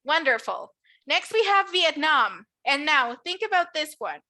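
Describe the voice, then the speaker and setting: High, bright-voiced bilingual English teacher. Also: female voice, sing-song. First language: Spanish. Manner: slow, drawn-out model words for repeating. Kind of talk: online class, bilingual English lesson.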